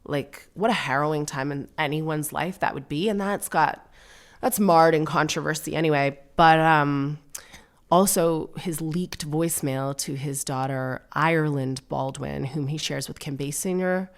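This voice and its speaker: A woman's voice: deep voice, unhurried. A woman in her thirties hosting a podcast, chatting casually and sardonically, with mocking put-on voices. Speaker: podcast host. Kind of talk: casual solo comedy chat.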